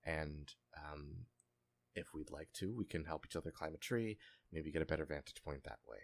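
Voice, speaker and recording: A man voicing a calm female traveler in a tabletop game, keeping his own low voice. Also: creaky. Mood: reassuring. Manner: calm, measured.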